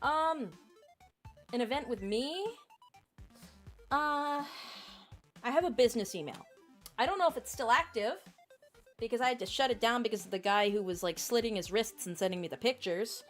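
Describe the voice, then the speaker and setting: A woman's voice: on the high side, normal speed, long pauses, soft background music. Rambling woman streamer, casual chat. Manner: rambling, many fillers, candid.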